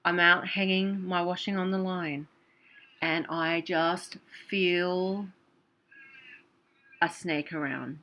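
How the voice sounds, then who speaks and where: A woman's voice: on the low side, steady tone, slow, long pauses, fairly bright tone, muffled recording. A woman telling a personal story in a casual, earnest way, often repeating herself. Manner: earnest, repetitive, emotional. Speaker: vlogger and clairvoyant.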